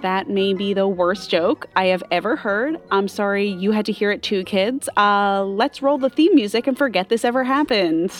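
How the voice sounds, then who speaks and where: A woman hosting a scripted kids' game show podcast, playing the brisk, exasperated straight woman. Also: mid-range voice, music in the background.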